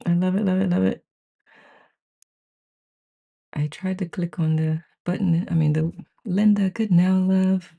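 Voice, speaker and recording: With lively intonation at normal speed, a creaky, mellow, medium-pitched voice chats casually on a live stream. It's the host of a live book-study group, greeting every viewer by name and reading the chat aloud with gushing enthusiasm, repeatedly saying "I love it."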